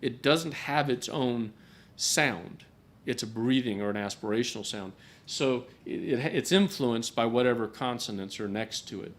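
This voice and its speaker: A man's voice: mid-range voice, moderate pace. A man teaching a Bible class at a church gathering, talking in a conversational way and often repeating a word as he restarts a thought. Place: gathering hall.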